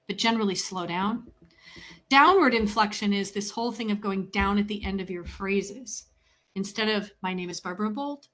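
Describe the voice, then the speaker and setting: A woman gives a talk as a communication skills coach. She speaks at a measured, deliberate pace and stresses key words. Her voice sits at a middle pitch, and she takes each teaching point in turn. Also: bright, forceful tone. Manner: measured and deliberate, with clear emphasis and pauses; instructive, lists points one by one. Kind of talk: professional talk to a meeting.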